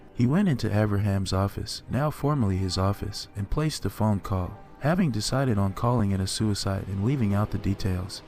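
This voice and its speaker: A man narrating a horror story in a measured, dark storytelling manner. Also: on the low side.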